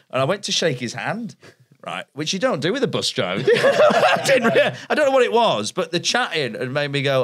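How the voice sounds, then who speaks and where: A man's voice: medium pitch, sing-song, quick pace, fairly bright tone. A man telling comic stories, laughing and acting out the scenes as he goes. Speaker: comedian guest. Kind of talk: comic storytelling.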